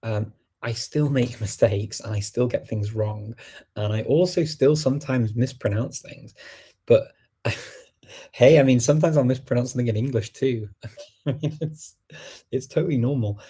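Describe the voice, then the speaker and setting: A man's voice: medium pitch, moderate pace, warm tone, breathy edge. A middle-aged man hosting a language-learning show, answering viewer questions in a casual, conversational, emphatic way. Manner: conversational and emphatic, many restarts and laughs. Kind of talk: casual live Q&A chat.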